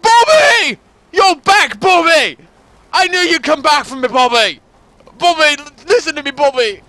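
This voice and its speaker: A man putting on a frantic, desperate voice, shouting and dragging out his pleas to a friend. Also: very high-pitched, very animated, a little slow, no room sound, voice pushed up, exaggerated voice. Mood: desperate pleading. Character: frantic shrieking person pleading for Bobby.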